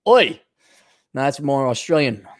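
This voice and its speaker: A man from the Milwaukee area ranting in a casual vlog, blunt and sarcastic, with quick asides. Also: a little high, lively intonation. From Milwaukee area, USA. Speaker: vlogger.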